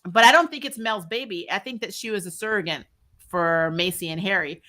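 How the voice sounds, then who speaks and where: Woman host, bright and forceful tone, chatty live-stream banter with viewers, laughs a lot. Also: medium pitch. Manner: chatty, laughs often, quick asides. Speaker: YouTube host discussing a TV series. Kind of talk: casual live-stream chat, reading viewer comments.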